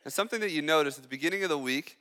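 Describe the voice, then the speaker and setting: A young man serving as a student pastor preaches in a church hall, delivering a jokey, chatty sermon packed with quick asides to the room. His voice is slightly high, bright, and crisp, and the hall gives it a long reverb.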